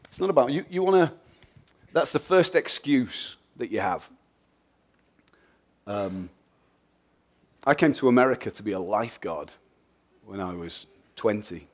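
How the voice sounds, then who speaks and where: A middle-aged man from England with an English accent, giving a lively, joking and blunt motivational talk at a festival, answering audience questions. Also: fairly low pitch, measured pace, long pauses. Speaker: guest speaker.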